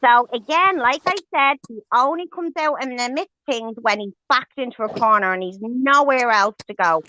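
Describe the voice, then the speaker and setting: On her livestream, a woman with a higher-pitched, pushed, bright voice launches into a heated rant full of emphatic swearing at a moderate pace. The stream audio sounds dull and lo-fi.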